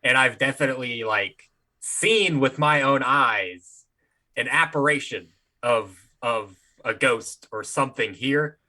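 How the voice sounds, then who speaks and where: A man with a bright, forceful voice co-hosts a casual comedy podcast. He keeps things laid-back and slips in dry wisecracks. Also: medium pitch, unhurried. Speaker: podcast co-host.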